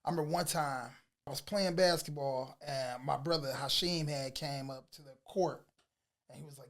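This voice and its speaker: A man telling a personal story in a casual, slangy way, swinging from low mutters to loud bursts. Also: fairly even intonation, moderate pace. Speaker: vlogger.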